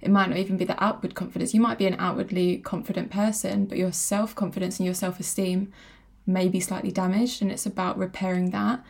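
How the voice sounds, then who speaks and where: A woman co-hosting a podcast in casual chat, relaxed and prone to tangents. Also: mid-range voice, fairly quick, creaky, few pauses. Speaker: podcast co-host.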